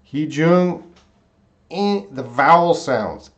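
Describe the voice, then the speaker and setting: Man, English teacher, live-stream lesson, slow unhurried delivery, animated pitch, stretches words out syllable by syllable. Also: highs cut off. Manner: drawn-out word repetition, reading viewer names.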